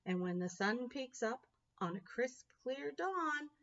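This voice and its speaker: Lady reading a kids picture book, slow and singsongy, pitch going all over, dull muffled sound. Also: very animated, fairly bright tone. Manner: slow, sing-song storytelling. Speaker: storybook reader. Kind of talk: picture book read-aloud.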